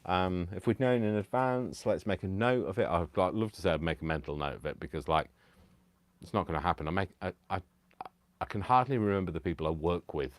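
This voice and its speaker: Deep-voiced rambling man. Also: a little fast, dry recording. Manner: rambling, self-deprecating, chatty. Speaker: livestream host making digital crafts. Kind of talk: casual live chat with viewers.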